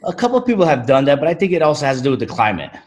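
A man's voice: a little high, very animated, very fast, darkish tone. A man with a Brooklyn New York accent, a pizzeria owner giving plainspoken, friendly answers as a guest in a casual interview.

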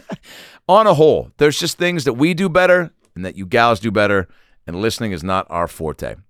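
A man's voice: medium pitch, lively intonation, normal speed, clean tone, dry recording, studio quality. A man hosting a podcast, telling a rambling, profane, self-mocking comedic story. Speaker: podcast host.

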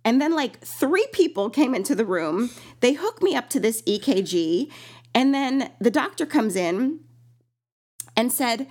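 A woman in casual conversation, animated and quick to laugh, still recovering from an illness. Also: a little high, husky. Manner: animated, laughs often, acts out quoted voices. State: recovering from illness, lingering cough. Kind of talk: casual storytelling chat.

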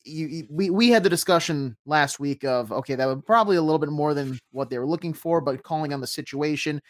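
A man hosting a soccer podcast, recapping the match step by step in a measured, casual way with frequent fillers. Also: fairly high pitch, no echo.

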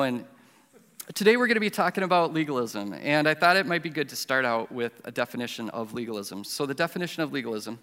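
A man's voice: mid-range voice, fairly bright tone, clean tone. A man, preaching a sermon and telling a self-deprecating personal story in a conversational way. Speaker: pastor. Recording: reverberant hall.

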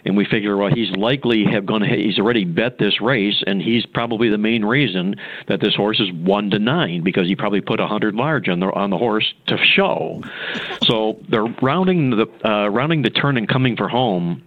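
A man's voice: fairly low pitch, normal speed, dry recording, narrow, tinny audio. A man telling a gambling story in a folksy, anecdotal way as a guest. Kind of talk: casual anecdote.

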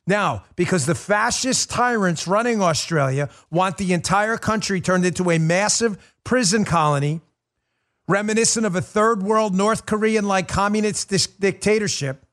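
A man's voice: sits high, moderate pace, fairly bright tone. A man hosting a political podcast, delivering an emphatic, indignant commentary monologue that repeats its points.

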